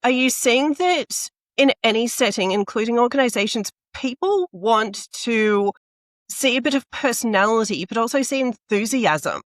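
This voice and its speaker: Woman podcast host, slightly high voice, close mic, dry sound. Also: expressive, moderate pace, no room sound. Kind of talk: podcast interview. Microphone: close podcast microphone.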